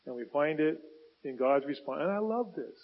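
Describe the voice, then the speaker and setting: A man's voice: on the high side, expressive, normal speed, narrow, tinny audio. A man preaching a sermon at a church service, earnest, repeating key phrases for emphasis and often stumbling and restarting. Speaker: pastor.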